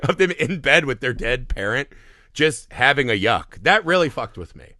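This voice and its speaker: Animated, swearing podcast man. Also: medium pitch, moderate pace, dry recording. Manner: animated, profane, acts out characters' lines. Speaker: podcast co-host. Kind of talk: casual movie-review chat.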